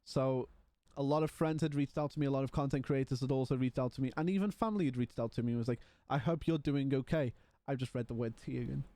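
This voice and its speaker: A man's voice: medium pitch, fast talker, hardly any pauses, warm tone, no echo. A man livestreaming from home, chatting casually and rambling while yawning and tired. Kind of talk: casual stream chat.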